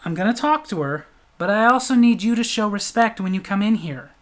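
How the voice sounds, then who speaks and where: A man voicing a weary female restaurant manager who hesitantly tries to calm an angry customer, repeating "sir". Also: high-pitched, fairly quick. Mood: placating.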